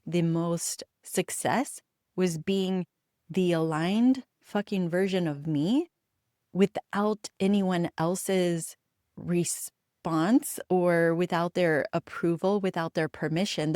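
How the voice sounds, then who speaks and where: Candid, emphatic woman with a lower voice. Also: darkish tone, no echo, clean studio sound. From United States. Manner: candid and emphatic, swears freely; reflective storytelling with frequent pauses. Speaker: podcast host. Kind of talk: solo podcast monologue.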